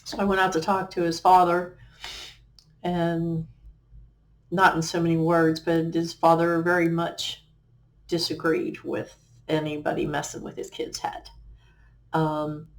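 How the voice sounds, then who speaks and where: Earnest, halting middle-aged woman. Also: on the low side, little pitch movement. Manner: earnest, halting, with many fillers and restarts; quotes remembered conversations. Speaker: guest life coach. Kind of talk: personal testimony on a talk show.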